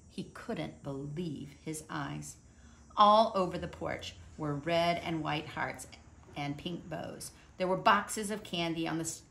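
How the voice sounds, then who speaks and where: A woman calmly reading a children's picture book aloud. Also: low-pitched, gravelly, a little hiss or hum. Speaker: storybook reader.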